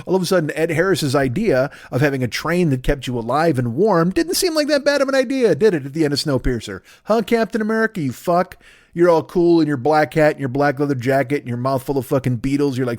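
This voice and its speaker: A man in his fifties, the host of a comedy podcast, riffing through a profane, rambling monologue with big comic swings in pitch. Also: lively intonation, fast talker, dry recording, studio quality. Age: 50s. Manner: profane, riffing, jumps between wild pitch swings for bits.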